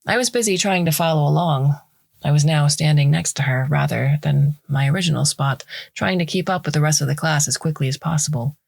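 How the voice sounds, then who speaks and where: A woman reading a short story aloud in the first person, in a measured, wry storytelling manner. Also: low voice, gravelly, a little mellow, no room sound, studio quality. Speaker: story reader. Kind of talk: scripted narration.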